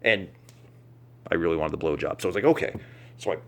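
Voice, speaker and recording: A young man telling a comic story to camera, swearing freely with deadpan asides. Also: sits low, quick pace. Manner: profane, animated, deadpan asides. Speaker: vlogger.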